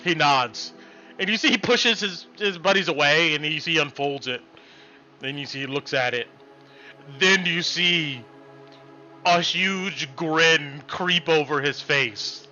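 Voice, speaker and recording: A man narrating as game master of a tabletop game on a live stream, relaxed and loose. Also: on the high side, a little slow. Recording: muffled stream audio, faint music.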